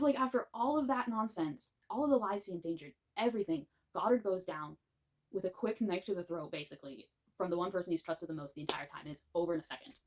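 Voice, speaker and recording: A woman talks through a book review in a gushing, animated way. Her voice sits a little low, and she rambles and restarts her sentences as she goes. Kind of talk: casual spoken book review.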